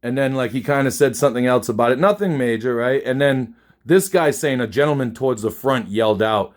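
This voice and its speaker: A man's voice: mid-range voice, brisk. Man ranting emphatically, profane and dismissive. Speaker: concertgoer recounting a show. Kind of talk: casual spoken rant.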